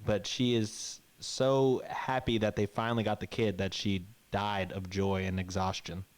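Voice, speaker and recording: Speaking in an unhurried, flat way with a fairly low voice, the podcast co-host spins a grim fairy tale in loose, rambling conversation. Profanity slips in, and he plays out the characters' lines.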